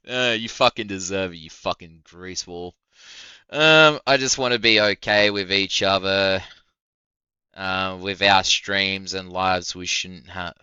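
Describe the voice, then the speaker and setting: A man's voice: low-pitched, a little slow, bright, forceful tone, smooth, no echo, highs cut off. A young man reacting to a video in casual commentary, swearing often and breaking into indignant outbursts. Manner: profane, heated, indignant outbursts.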